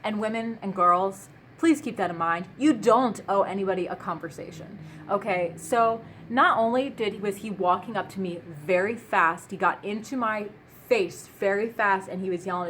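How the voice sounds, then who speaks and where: A woman's voice: medium pitch, moderate pace, a bit bright, slight background noise. A woman vlogger telling stories in a casual, chatty way, full of fillers and laughing asides. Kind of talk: casual storytime.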